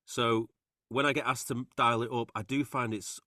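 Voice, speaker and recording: A man with a soft Manchester accent, co-hosting a podcast in an easygoing, self-mocking way. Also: medium pitch, fairly even intonation, normal speed, dry recording, studio quality. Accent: Mancunian. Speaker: podcast co-host. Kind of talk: casual podcast chat.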